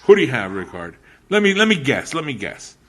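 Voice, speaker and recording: A man's voice: mid-range voice, wildly swooping pitch, fairly quick, a bit bright, husky. A man co-hosting a casual wrestling podcast, teasing his co-host and laughing often. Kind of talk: casual wrestling predictions chat.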